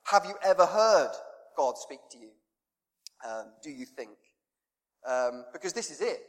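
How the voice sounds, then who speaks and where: A man's voice: on the high side, expressive, measured pace. A man preaching an informal sermon, conversational and self-deprecating, with lots of rhetorical questions. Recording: long hall reverb.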